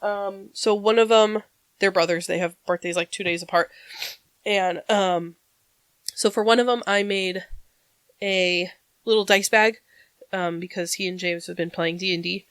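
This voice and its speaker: A woman co-hosting a podcast in casual chat, talking in a rambling way with frequent pauses. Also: medium pitch, fairly even intonation, a bit bright, no echo. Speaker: podcast co-host.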